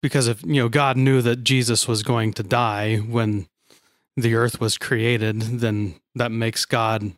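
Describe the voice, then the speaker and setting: A man's voice: mid-range voice, little pitch movement, slow, no room sound, studio quality. A man co-hosting a casual faith podcast, thinking aloud and searching for words. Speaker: podcast co-host.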